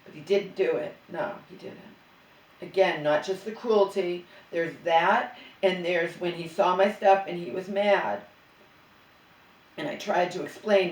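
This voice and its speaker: A woman's voice: fairly low pitch, measured pace. A middle-aged woman vlogger venting in an agitated, profane, rambling monologue full of restarts. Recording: roomy and distant from the mic.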